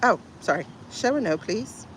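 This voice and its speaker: A woman chats her way through a livestream in a loose, rambling manner with playful asides. Her voice sits at a middling pitch for a woman. The phone recording carries a clear layer of background noise. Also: animated, normal speed, fairly bright tone. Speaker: livestream host. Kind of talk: casual livestream chat.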